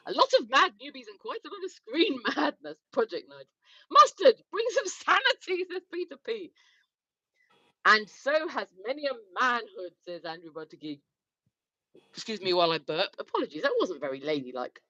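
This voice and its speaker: Giggly high-voiced woman. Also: bright, forceful tone, dry recording. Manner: giggly, reads viewer comments aloud. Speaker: livestream co-host. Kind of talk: casual livestream chat. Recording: dull lo-fi livestream audio.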